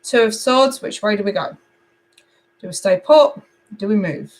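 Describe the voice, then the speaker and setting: Middle-aged woman reading tarot on a livestream, chatty, mid-pitched voice, talks right at the viewers. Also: normal speed, rough recording. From England. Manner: chatty, animated, reads cards aloud and talks to viewers. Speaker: tarot reader. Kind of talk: live-stream tarot reading.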